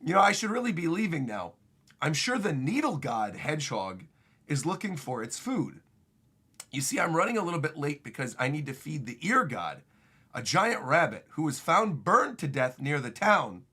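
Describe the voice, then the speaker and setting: A man reading aloud as a boastful, mysterious male messenger who rides a bug, delivering warnings slowly and ominously. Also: on the high side, very animated, bright, forceful tone, slightly rough, heavily acted. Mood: hurried.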